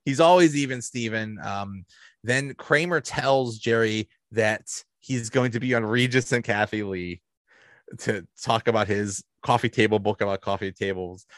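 A man's voice: fairly low pitch, moderate pace, no echo. Man gushing over sitcom episodes, dry mic. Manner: enthusiastic, rambling, frequent restarts and laughs. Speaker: podcast host. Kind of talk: casual episode review.

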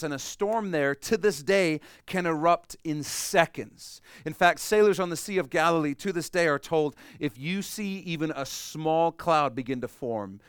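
A man preaching a sermon, explaining a passage emphatically and swinging between loud and hushed delivery. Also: fairly high pitch, clean tone, no echo, studio quality. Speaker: pastor.

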